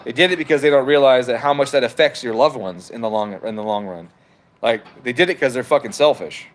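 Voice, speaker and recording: A man livestreams from home at a fairly quick clip in a mid-range voice. He reads chat messages aloud and argues back at them in a heated, casual rant laced with profanity.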